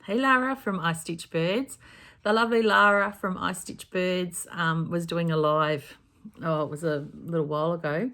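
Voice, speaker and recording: A woman's voice: on the low side, normal speed, a bit bright. A woman chatting casually in her home craft room as a cross-stitch vlogger, rambling and often correcting herself. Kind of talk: casual chat.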